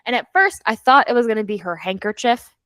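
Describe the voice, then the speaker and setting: A woman's voice: on the high side, very animated, fast talker, a bit bright, no room sound, clean studio sound. A woman co-hosting a casual book club podcast, retelling scenes with lots of "like" and quoted dialogue. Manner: retells scenes breathlessly, full of "like" and quoted lines. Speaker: podcast co-host.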